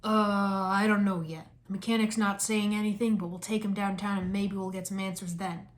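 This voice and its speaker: A woman voicing a brisk, bossy middle-aged male police commissioner. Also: medium pitch, steady tone, lightly acted.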